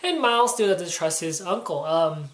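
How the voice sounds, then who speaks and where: A woman talks through a comic book review in a loose, rambling way, her speech full of "you know" and "um". Her voice sits a little low, and it rings in a roomy, echoey space. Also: expressive, normal speed. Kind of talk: casual spoken review.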